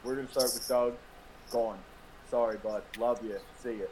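A man's voice: mid-range voice, fairly even intonation, normal speed, noisy background. A man talking casually on a sports podcast, blunt and profane as he rants. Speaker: podcast co-host.

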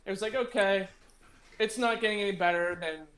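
Young man, high voice, rambling casual story, swears a lot, echoey room. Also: fairly quick, fairly bright tone. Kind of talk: casual storytelling among friends. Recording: roomy echo.

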